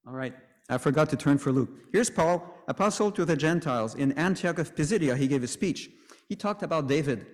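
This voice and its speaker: A man's voice: fairly high pitch, fairly quick, in a large hall. A man preaching a sermon in a conversational way, with joking asides.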